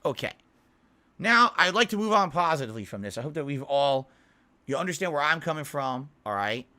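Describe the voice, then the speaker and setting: A man's voice: a little high, sing-song, brisk, pushed and bright. A man streaming live, giving his chat an earnest, defensive lecture, and often checking in with "all right?". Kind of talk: livestream rant to chat.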